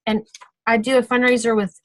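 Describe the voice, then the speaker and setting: A woman's voice: fairly high pitch, level tone, brisk, rough recording. A woman giving a casual, practical training talk on a video call, chatty and full of fillers and self-corrections. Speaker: sales team trainer.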